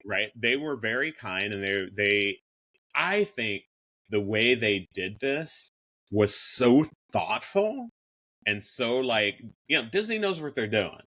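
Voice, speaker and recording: With a fairly low, bright voice and a forceful tone, this fifty-something podcast co-host speaks slowly but animatedly. He's candid in the casual chat, often restarts, and jokes at his own expense.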